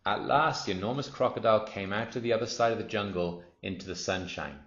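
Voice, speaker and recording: A man narrating a children's story aloud in a steady, expressive reading voice. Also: lowish voice, fast. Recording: roomy, dull lo-fi.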